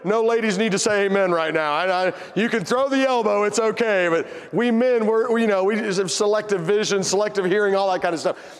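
A man telling a humorous family story in a sermon, folksy and animated. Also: high voice, a little fast, hardly any pauses, big-room sound. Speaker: pastor.

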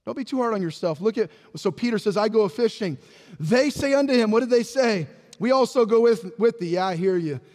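A man with a high voice preaches in a church sanctuary, his words trailing into a long hall reverb. He reads scripture aloud and keeps turning to the congregation with questions. His delivery swings between ringing declarations and quiet, intimate asides. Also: expressive, brisk. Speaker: pastor. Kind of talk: sermon.

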